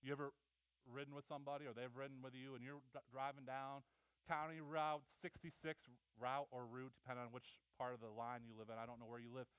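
A middle-aged man preaching a sermon, telling animated family stories and acting out the voices of his kids and wife. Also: medium pitch, fast, clear, resonant tone, no room sound, rough recording. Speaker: pastor.

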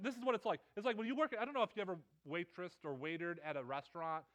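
High-voiced stammering male preacher. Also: fast talker, hardly any pauses. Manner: animated, stammering repetitions, voice swells and drops. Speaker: pastor. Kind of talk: sermon.

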